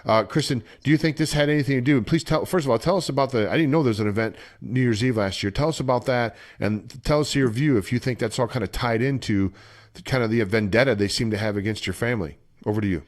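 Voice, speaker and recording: A man's voice: medium pitch, fast talker. A man hosting a call-in radio talk show, blunt and conversational as he sets up questions for his guest. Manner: blunt, conversational, reacts with short exclamations.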